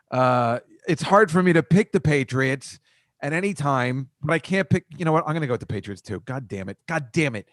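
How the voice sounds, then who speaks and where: A man's voice: a little high, expressive, normal speed, a bit bright, no echo. Dry teasing male comedy host. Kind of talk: casual comedic chat.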